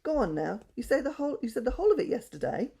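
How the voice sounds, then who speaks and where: A woman's voice: a little high, sing-song, racing, vocal fry, mellow, breathy edge, pitched above the performer's own voice, heavily acted. A woman voicing a sensible boy who answers the phone about his lost bird. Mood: earnest. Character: sensible older boy, the big brother.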